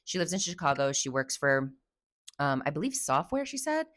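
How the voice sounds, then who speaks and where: A woman's voice: low voice, sing-song, normal speed, a bit bright, dry recording, clean studio sound. A young woman from Texas, hosting a podcast and telling a story casually, chatty and swearing freely with many fillers. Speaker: podcast host.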